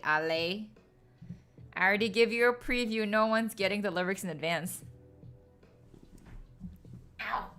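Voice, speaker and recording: A woman's voice: mid-range voice, fairly bright tone. A young woman chatting casually and playfully with her stream viewers, full of slang and laughter.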